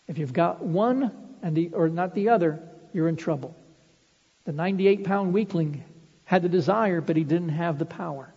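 This preacher has a higher, gravelly, husky voice with a darkish tone. Earnest and explanatory, he develops his sermon through vivid everyday illustrations, captured in a reverberant hall with dull lo-fi quality.

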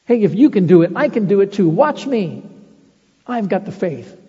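A man preaching and playing a brash, boastful man who is sure he can do anything. The voice is somewhat high, dark-toned and a touch husky. It sounds dull and echoes as if in a large hall. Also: big pitch swings, normal speed, heavily acted. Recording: dull reverberant hall recording.

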